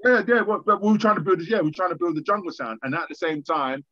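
Animated man telling stories. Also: high-pitched, fast, no room sound. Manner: lively storyteller, swears freely, acts out conversations. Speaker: podcast guest. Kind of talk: animated storytelling interview. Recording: dry, slightly dull podcast audio.

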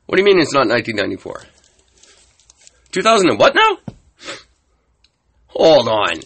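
A man playing a bewildered man who thinks it is still 1994, incredulous and questioning an unseen person, with a husky voice. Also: mid-range voice, wildly swooping pitch, normal speed, fairly bright tone, full character voice.

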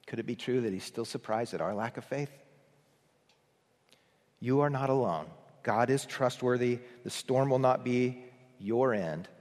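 A man preaching a morning sermon, earnest in tone, who builds up to emphatic peaks and then drops to a near hush. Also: medium pitch, in a large hall. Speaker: pastor.

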